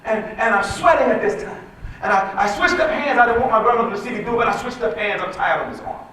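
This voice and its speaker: A man giving a keynote speech, telling a story in an animated way and speaking directly to the audience. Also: very high-pitched, fast talker, a little hiss or hum. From West Side Chicago. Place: large conference hall. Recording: echoey hall, voice from far off the mic.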